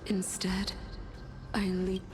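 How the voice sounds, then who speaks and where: A weary dead scholar speaks in formal, quietly resigned tones, as a woman voices her. This is video game dialogue, delivered very slowly over clear background music. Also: mid-range voice, completely flat delivery, lightly acted.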